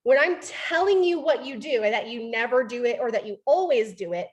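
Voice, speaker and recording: High-voiced woman coaching a training group. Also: fairly quick. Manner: animated, acts out quoted voices, frequent "right?". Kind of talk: motivational training talk.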